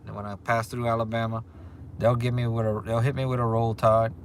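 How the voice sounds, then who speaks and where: A man's voice: mid-range voice, fairly bright tone, slight background noise. Chatty Cajun man on a livestream. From Louisiana. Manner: rambling, chatty, restarts often. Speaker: livestream host. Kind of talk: casual livestream chat reading comments. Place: restaurant.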